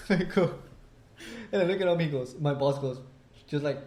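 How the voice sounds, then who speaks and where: Man, podcast co-host, profane, animated storyteller, slightly high voice, echoey room. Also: normal speed, pauses often. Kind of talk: casual drunk podcast chat.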